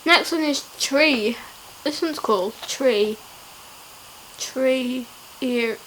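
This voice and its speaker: Young female vlogger, playful and self-mocking, high voice, takes her time. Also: extremely slow, a bit bright, slight background noise, rough recording. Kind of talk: casual challenge vlog.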